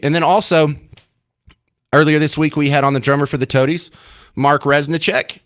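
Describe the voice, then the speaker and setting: A man's voice: on the high side, fairly even intonation, moderate pace, pauses often, a bit bright, no room sound, studio quality. A man hosting a talk radio show, chatting in a rambling, self-mocking way. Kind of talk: casual talk radio monologue. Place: radio studio.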